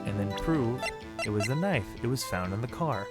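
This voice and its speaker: A man reads a game's dialogue aloud as he streams it, his voice swinging up and down with plenty of life. He stumbles and restarts now and then, and adds quick comments of his own. Game music plays clearly behind him. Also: medium pitch. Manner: animated, reads lines with small restarts and asides. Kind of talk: playthrough narration with read-out dialogue.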